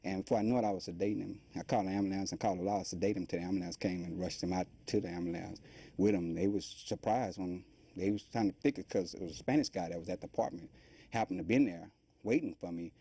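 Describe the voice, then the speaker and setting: A middle-aged man with a low, husky voice talks quickly as an interview guest, recounting his life in a loose, rambling, colloquial way. He animates the story by acting out the voices of the people in it, and the recording is dry.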